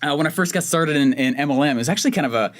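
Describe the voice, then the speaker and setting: A man's voice: fairly high pitch, very fast. A young man from Colorado hosting his own podcast, telling a personal story in a chatty, self-mocking way with lots of fillers and restarts. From Denver, Colorado. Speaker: podcast host. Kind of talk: casual solo podcast storytelling.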